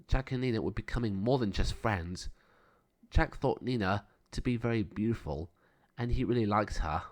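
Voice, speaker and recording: Man reading a calm storybook. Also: on the low side, moderate pace. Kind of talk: storybook narration.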